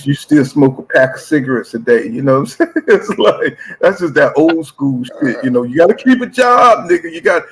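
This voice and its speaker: A man's voice: a little high, very animated, moderate pace, poor audio. A man hosting a casual boxing chat show, talking in slang, often saying "you know what I'm saying" and reading out viewer comments.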